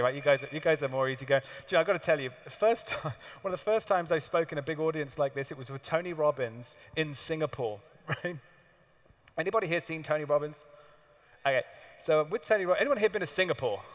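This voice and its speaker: Animated man speaking on stage. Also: a little high. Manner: animated storytelling with laughs and swearing. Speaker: seminar speaker. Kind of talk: live stage talk to an audience. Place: large hall with audience. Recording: long hall reverb.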